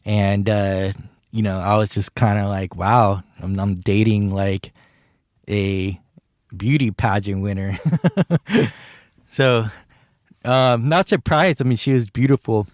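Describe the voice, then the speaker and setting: A man's voice: fairly low pitch, steady tone, takes it slowly, pauses often, no echo, studio quality. A man casually telling a personal story on his podcast, rambling and laughing at himself as he acts out the dialogue. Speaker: podcast host.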